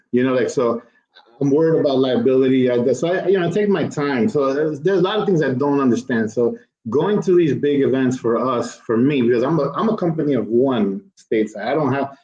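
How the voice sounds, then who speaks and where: Older man telling a lively story in an echoey room. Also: medium pitch. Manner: animated storyteller who acts out other people's voices. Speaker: physician and cigar company founder, guest. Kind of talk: casual chat, telling an anecdote. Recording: echoey, dull-sounding room.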